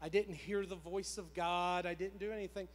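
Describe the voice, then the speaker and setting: Preaching in church, a man in his thirties shares a personal story, chatty, repetitive, and poking fun at himself. His high voice stays steady at a moderate pace amid the long reverb of the church hall.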